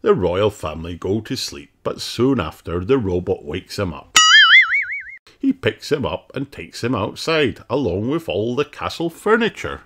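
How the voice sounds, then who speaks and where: A man reading a children's storybook aloud in a slow, gentle, sing-song way. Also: fairly low pitch, sing-song, soft background music. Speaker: storybook reader. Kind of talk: children's read-aloud narration. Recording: loud background noise.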